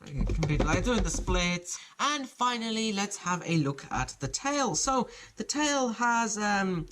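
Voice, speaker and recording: Lively, chatty toy reviewer. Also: mid-range voice, a little slow, a little hiss or hum. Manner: chatty, hesitant, often restarting phrases while handling the set. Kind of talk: casual show-and-tell review. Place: small home studio.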